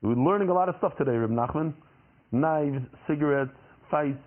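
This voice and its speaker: A man's voice: on the high side, normal speed, slight background noise. A man giving a Talmud lesson, explaining by asking questions and answering them himself. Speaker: Talmud teacher. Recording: tinny phone-like recording.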